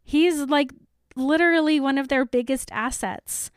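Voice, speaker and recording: A woman co-hosting a casual chat, animated and opinionated, laughing often. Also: high voice, measured pace, dry recording, studio quality.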